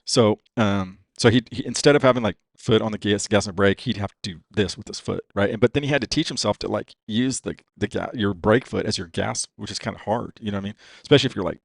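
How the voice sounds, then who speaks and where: A man with a low, gravelly voice tells a story at a rambling pace, peppering it with swearing and "dude." The sound is close and dry, with no room around it. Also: fast, hardly any pauses, no echo. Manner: profane, rambling, heavy use of "dude" and "you know what I mean". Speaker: podcast guest. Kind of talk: casual storytelling.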